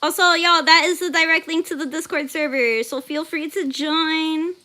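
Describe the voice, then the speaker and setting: A woman's voice: sits high, fairly even intonation, moderate pace, pushed and bright. A young woman hosting an art livestream, casually chatting and reading chat messages aloud, laughing often and squealing when surprised.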